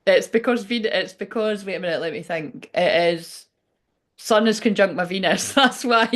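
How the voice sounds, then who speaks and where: A woman doing a casual card-reading livestream. She chats and rambles, swears freely, laughs often and reads the card text aloud. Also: medium pitch. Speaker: tarot and oracle card reader.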